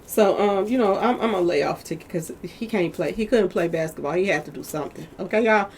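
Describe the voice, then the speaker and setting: A woman with a slightly squeaky voice in a casual commentary monologue, candid and colloquial, who laughs often and keeps asking her viewers "okay, y'all?". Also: brisk, slight background noise. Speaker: commentary vlogger.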